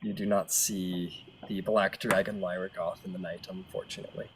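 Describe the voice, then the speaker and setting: A man narrating a tabletop role-playing game as dungeon master, relaxed and laughing often. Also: low voice, normal speed, background noise.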